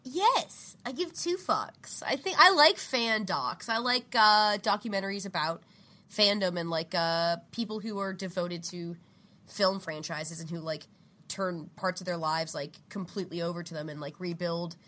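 A woman co-hosting a casual podcast, playful and chatty, quick to laugh. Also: lowish voice, bright, forceful tone. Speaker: podcast co-host.

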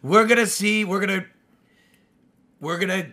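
Dude doing a rambling old politician voice, very bright edge, keeps repeating himself. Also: male voice, sits high, moderate pace. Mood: mocking. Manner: rambling, repetitive, drawn out. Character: tired impression of rambling older male politician.

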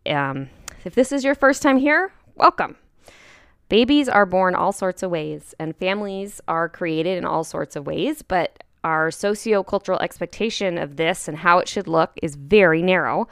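A woman's voice: fairly low pitch, expressive, normal speed, a bit bright, smooth, no room sound, clean studio sound. A woman hosting a podcast from her home kitchen, chatty, laughing between thoughts. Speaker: podcast host. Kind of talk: podcast intro monologue.

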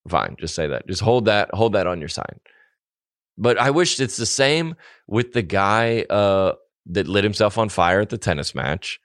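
Ranting low-voiced man in casual chat. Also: normal speed, dry recording, studio quality. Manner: animated ranting, mocking imitations. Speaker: podcast co-host.

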